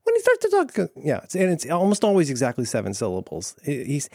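A man's voice: sits high, wildly swooping pitch, a little fast, few pauses, a little mellow, dry recording, studio quality. A man hosting a casual podcast chat, playful and rambling, laughing often. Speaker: podcast host.

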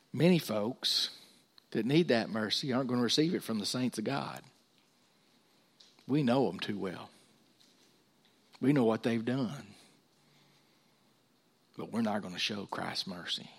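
A man preaching a sermon as pastor, lifting his voice when he reads scripture and dropping low and quiet for asides. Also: slow, vocal fry, pauses often, slightly rough.

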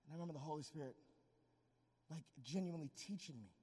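A man preaching an energetic, humorous sermon, shouting for emphasis and joking with the crowd. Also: on the high side, fast, pauses often, breathy edge, long reverb tail.

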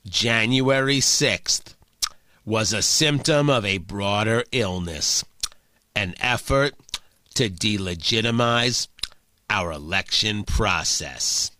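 A solemn, droning older senator, as a talk host puts him on, dragging each phrase out in a low, heavy voice. The sound is close and dry. It is pitched well below the performer's normal bright tone. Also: male voice, no echo. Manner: slow, low, drawn-out delivery. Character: impression of an older male senator, slow and droning. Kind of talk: political impression.

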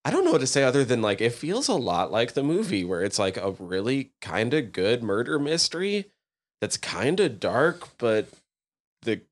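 A man's voice: mid-range voice, big pitch swings, moderate pace. A man co-hosting a podcast in casual chat, rambling with enthusiasm and many fillers as he recommends a show. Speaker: podcast co-host.

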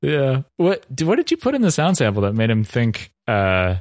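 A man's voice: mid-range voice, huge pitch swings, normal speed, darkish tone, no echo, clean studio sound. A man co-hosting a podcast in casual chat, joking and sarcastic. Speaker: podcast co-host.

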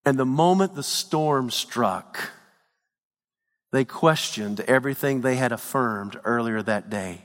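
A man preaching a sermon in a church, swinging between shouted peaks and hushed low lines. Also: slow pace, big-room sound. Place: church sanctuary.

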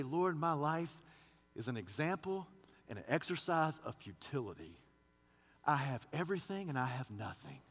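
A man's voice: sits high, creaky, fairly bright tone, big-room sound. A man pastor preaching a sermon with rising fervor, posing questions to the congregation.

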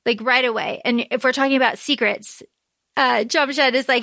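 A woman co-hosting a podcast, retelling a story in casual chat, animated and full of fillers. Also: on the high side, moderate pace, vocal fry, dry recording, clean studio sound. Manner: chatty, animated retelling with fillers and quoted asides. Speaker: podcast co-host. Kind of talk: casual book discussion.

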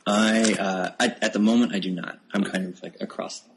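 A man, a software developer and podcast guest, talking casually into a close microphone, hesitant and self-deprecating with many restarts. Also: lowish voice, fairly even intonation, normal speed, slight background noise, poor audio. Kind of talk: casual tech podcast chat. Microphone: new close microphone.

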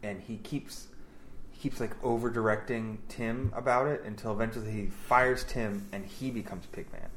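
A man's voice: fairly low pitch, fairly even intonation, normal speed, fairly bright tone, roomy sound, slight background noise, poor audio. A man co-hosting a podcast, rambling through casual late-night chat and laughing at his own stories. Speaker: podcast co-host.

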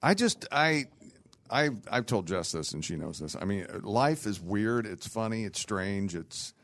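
A man's voice: fairly low pitch, animated, unhurried, a bit bright. A man chatting casually, musing and trailing off as he talks. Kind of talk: casual chat.

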